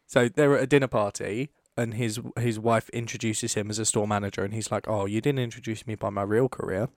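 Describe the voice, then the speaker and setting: A man's voice: on the low side, fairly even intonation, fairly quick, dry recording, studio quality. A man co-hosting a podcast, telling stories in casual, joking chat. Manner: chatty storyteller, quips. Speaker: podcast co-host.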